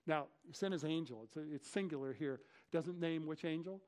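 A male pastor giving a conversational sermon, retelling scripture with lively slang asides. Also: on the high side, normal speed, few pauses, smooth. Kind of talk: expository sermon.

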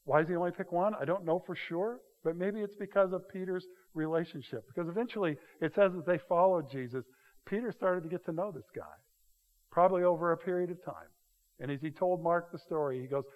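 A man with a slightly high voice preaches a sermon in a casual, storytelling way, acting out the people in his stories. His voice carries a long reverb from a big hall. The sound is somewhat dull. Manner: conversational, animated storytelling with quick acted-out voices. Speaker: pastor.

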